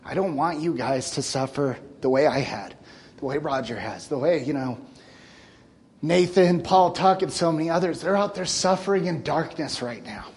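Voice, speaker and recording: A man's voice: a little high, lively intonation, normal speed, darkish tone, slight background noise. A man in his thirties giving an earnest, casual talk to a church group, speaking directly to the young men and getting emotional.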